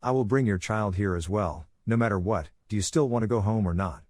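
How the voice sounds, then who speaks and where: A cruel male warrior overseer who barks orders and threats, read by a man. The voice sits fairly low and stays plain. The sound is dry and close. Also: a little fast, darkish tone, no echo, close to an everyday voice. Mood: harsh.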